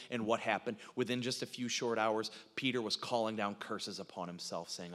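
A man preaching a sermon, animated, acting out quoted lines, with frequent restarts. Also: medium pitch, moderate pace. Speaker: pastor. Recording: reverberant hall sound.

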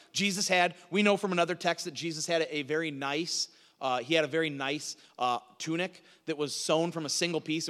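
A man preaching a sermon, teaching through a Bible passage with emphatic delivery that swings from loud to hushed. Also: fairly high pitch, long reverb tail.

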